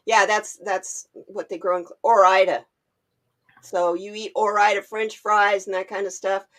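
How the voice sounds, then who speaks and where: A woman from Oregon chatting casually on a livestream, telling animated stories and laughing often. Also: medium pitch, moderate pace. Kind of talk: casual chat.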